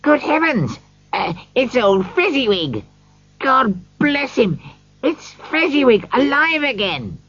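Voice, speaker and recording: An old miser, excitable and wistful by turns, put on by a man. His voice climbs high and breathless as he cries out in quick bursts. The recording is dull and lo-fi. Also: heavily acted. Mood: excited.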